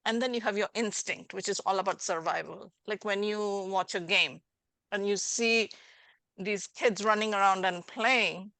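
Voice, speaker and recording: A woman life coach hosting a conversational interview, animated and acting out little scenes as she explains. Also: medium pitch, normal speed, dry recording. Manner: animated, acts out little scenes with changing voices. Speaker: life coach and podcast host.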